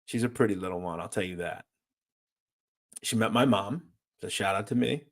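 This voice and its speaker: A man's voice: lowish voice, moderate pace. A man hosting a casual livestream, reading viewer comments aloud and joking around. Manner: loose, joking, swings from loud to mumbled asides. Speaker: host.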